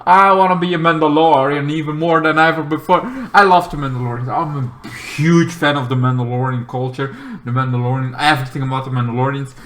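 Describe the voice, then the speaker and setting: A man hosting a casual show-review vlog. He is excitable and swears freely, breaking into loud shouts. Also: a little high, quick pace, slight background noise. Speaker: TV show reviewer and channel host.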